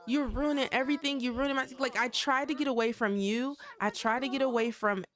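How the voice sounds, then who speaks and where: A woman's voice: high-pitched, steady tone, fairly quick, a bit bright, voice pushed up. A woman voicing an angry adult woman tattoo artist who fires accusing questions at her rival in a life-sim game. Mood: indignant.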